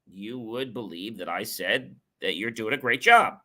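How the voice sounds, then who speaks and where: A middle-aged man hosting a motivational talk show, energetic, often repeating phrases for emphasis and acting out example tones of voice. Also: lowish voice, measured pace. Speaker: show host.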